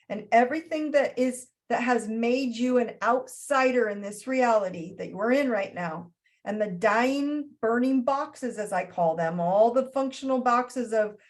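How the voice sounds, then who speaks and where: High-voiced woman giving an animated astrology talk. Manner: animated, breaks into playful character voices. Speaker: astrology host.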